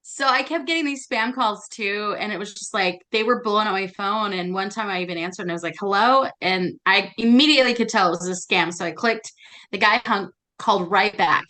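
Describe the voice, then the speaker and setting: A woman in a casual group discussion, sharing animated anecdotes about work. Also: medium pitch, fairly quick. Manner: animated storyteller. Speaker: notary meetup participant.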